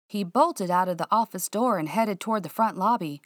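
A woman narrating a first-person mystery audiobook in a hushed, suspenseful, drawling way. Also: medium pitch, a little fast, no echo, clean studio sound.

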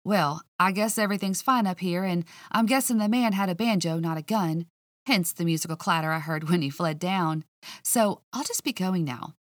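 A woman's voice: fairly low pitch, dry recording, clean studio sound, natural voice. A woman voicing a flustered young sleuth. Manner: quick and defensive.

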